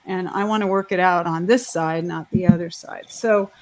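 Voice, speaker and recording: A woman's voice: fairly low pitch, fairly even intonation, moderate pace. A woman sharing her personal story on a panel over a video call, rambling and heartfelt, with frequent restarts.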